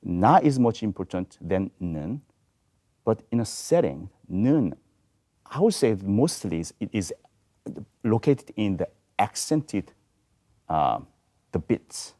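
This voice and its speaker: A man who is a native Korean speaker, speaking English with a Korean accent as a panelist in a studio roundtable, halting and searching for words. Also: on the low side, very animated, mellow. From South Korea. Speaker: panelist, voice teacher. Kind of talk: roundtable discussion. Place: video studio.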